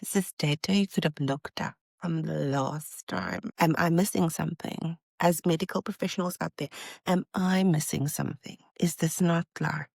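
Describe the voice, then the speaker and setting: A woman in her thirties, a podcast host and mother, retelling a hard hospital day in a casual, animated and exasperated way. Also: low voice, normal speed, creaky, husky, no room sound. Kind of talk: casual storytelling.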